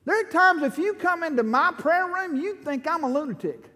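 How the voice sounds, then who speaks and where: Fervent high-voiced male preacher in a hall. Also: lively intonation, normal speed, pushed and bright. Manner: impassioned, rising to fervent pleading in prayer. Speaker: pastor. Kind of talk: sermon. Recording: long hall reverb.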